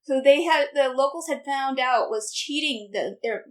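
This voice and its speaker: A woman's voice: high voice, moderate pace. A woman co-hosting a podcast, telling a local legend in playful, enthusiastic casual chat. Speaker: podcast co-host.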